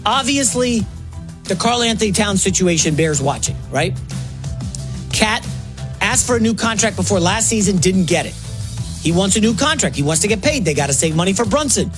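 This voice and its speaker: A man in his forties filling in as host of a sports radio show, talking fast and excitedly with quick asides and self-corrections. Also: high voice, music in the background. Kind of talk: energetic sports talk.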